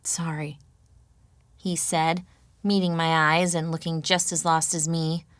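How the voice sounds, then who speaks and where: Low-voiced woman reading an audiobook. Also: little pitch movement, a little slow, fairly bright tone, clean tone, dry recording. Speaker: audiobook narrator. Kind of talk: scripted audiobook narration.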